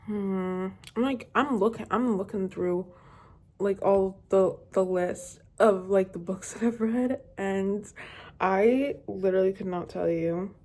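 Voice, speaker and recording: A woman's voice: mid-range voice, slow, darkish tone. A young woman chatting casually as a book vlogger, rambling and hesitant with many fillers. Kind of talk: casual chat.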